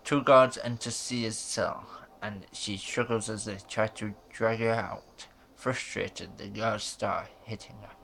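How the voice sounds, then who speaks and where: A man reads a story game's narration aloud, flat and unhurried, with small stumbles and casual asides. His voice is on the low side, with vocal fry.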